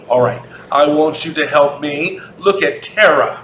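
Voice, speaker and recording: An American man gives a children's English lesson, speaking very slowly and repeating each question. He spells words out letter by letter. The recording has an echoey room sound with a faint hum behind it. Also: on the high side, a bit bright. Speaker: English teacher.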